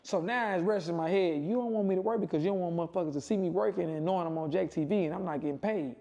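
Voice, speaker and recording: A man casually telling a long personal story, rambling and repeating himself, with animated quoted voices. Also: very fast, creaky, muffled recording. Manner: rambling, repetitive, punctuates with "boom" and "right?". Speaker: storyteller in a played clip.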